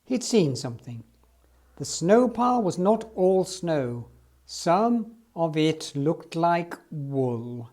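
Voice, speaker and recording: A man reading a children's storybook aloud in an expressive storytelling manner. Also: fairly high pitch, takes it slowly. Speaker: storybook reader.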